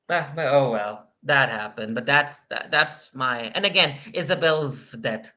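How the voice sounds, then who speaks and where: A woman co-hosting a casual podcast, airing gripes in a loose, chatty way. Her voice is bright and forceful, and she often breaks off mid-sentence to restart. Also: a bass voice, normal speed, hardly any pauses. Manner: chatty, griping, self-interrupting. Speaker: podcast co-host. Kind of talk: casual chat.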